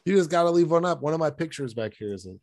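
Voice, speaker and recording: A man's voice: fairly high pitch, expressive, rapid-fire, darkish tone, no echo, clean studio sound. A man co-hosting a podcast in casual chat, rambling, slangy and swearing freely with lots of fillers. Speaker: podcast co-host.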